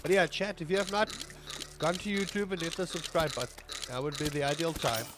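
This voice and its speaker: A man's voice: fairly high pitch, steady tone, a little fast, noisy background. A young South African man with a South African accent, chatting casually and rambling on a gaming livestream, now and then exclaiming at mishaps.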